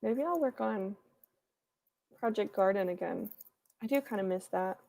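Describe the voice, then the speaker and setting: Her voice is medium-pitched, creaky and a little mellow, moving at a normal speed. She's a young woman streaming her writing session from her room, casually joking around as she reads viewers' chat messages.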